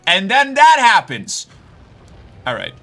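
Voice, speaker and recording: A man streaming a game, giving anxious commentary, swearing and talking himself calm with repeated phrases. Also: high-pitched, slow. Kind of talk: gameplay commentary.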